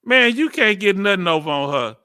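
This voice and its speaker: A lively man with a Texas accent talks back at a clip in a high, bright, forceful voice. His commentary is slangy and animated, full of laughter. The sound is close and dry. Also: a little fast, clear, resonant tone, dry recording. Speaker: reaction video host. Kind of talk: reaction commentary.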